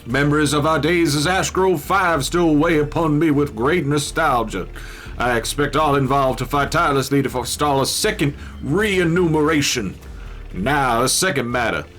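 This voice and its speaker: Man doing a pompous male tree-cult preacher, Southern accent, grand sermon delivery, fairly high voice. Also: normal speed, a bit bright, soft background music, lightly acted. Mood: solemn, grandiose. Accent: Southern US put-on. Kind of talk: reading game text aloud in character.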